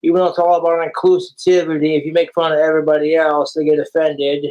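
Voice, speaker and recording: A man's voice: on the high side, level tone, fast, darkish tone. A man doing a crude, profane comic skit, arguing with himself in two quoted voices.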